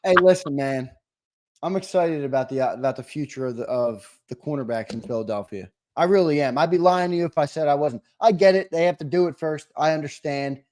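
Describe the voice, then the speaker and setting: Chill optimistic sports show cohost guy, voice a bit high, just a fan talking. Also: brisk, darkish tone. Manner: upbeat, hopeful fan, easygoing. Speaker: sports talk co-host. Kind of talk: sports talk banter.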